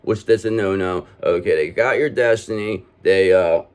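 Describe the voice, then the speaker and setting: A man's voice: low voice, moderate pace, smooth. A man reading tarot cards and speaking straight to the viewer in a reassuring way, ending many points with "okay?". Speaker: tarot reader.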